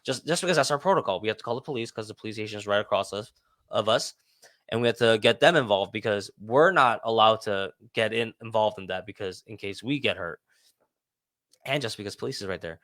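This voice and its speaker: A man's voice: fairly low pitch, animated, quick pace, a bit bright, dry recording. A man co-hosting a podcast, telling a frustrating story casually, swearing and repeating himself on a close mic. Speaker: podcast co-host.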